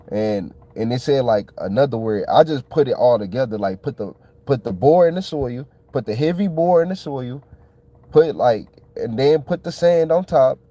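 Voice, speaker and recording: Excitable man rambling in slang. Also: mid-range voice. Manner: excitable, colloquial, repeats himself. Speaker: channel host. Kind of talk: casual rambling monologue.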